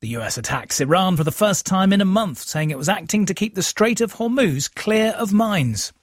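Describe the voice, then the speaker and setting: Husky man reading news headlines. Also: high-pitched, expressive, no echo, studio quality. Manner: brisk, formal delivery. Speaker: news presenter.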